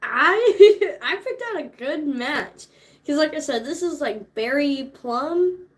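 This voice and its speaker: A woman's voice: high voice, animated, slow pace. A woman in her twenties chatting casually with viewers, laid-back and slangy, laughing often. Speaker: streamer. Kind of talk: casual chat.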